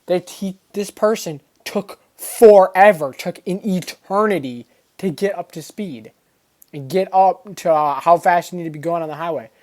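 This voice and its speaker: A man's voice: high voice, moderate pace, a little mellow. A man talking casually to camera in a vlog, rambling with lots of fillers and slang. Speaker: vlogger.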